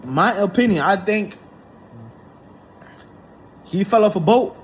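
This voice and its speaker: A man's voice: high-pitched, expressive, takes it slowly, slight background noise. A man delivering an indignant, heated monologue, repeating himself and hammering his points. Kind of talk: ranting monologue to camera.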